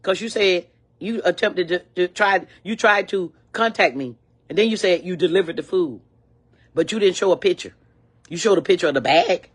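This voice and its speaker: An older woman vlogger with a fairly low, breathy-edged voice rants at a moderate pace. Angry and complaining, she repeats herself and leans on indignant, preachy emphasis.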